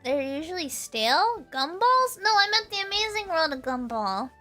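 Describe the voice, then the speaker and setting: A woman's voice: very high voice, big pitch swings, normal speed, sharp tone, soft background music. A young woman hosting a casual livestream chat, rambling through stories and breaking into giggles. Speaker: livestream host.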